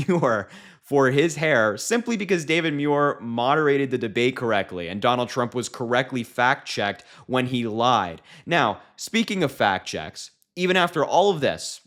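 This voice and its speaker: A man's voice: mid-range voice, a bit bright. A man giving sarcastic, incredulous political commentary and mocking what he has just played.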